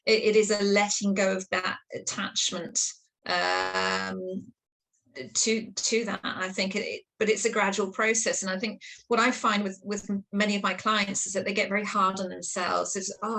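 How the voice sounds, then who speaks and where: A woman guest on a podcast who works with clients, speaking calmly and reassuringly and repeating key phrases. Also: medium pitch, normal speed, creaky, low-quality recording. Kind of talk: conversational interview.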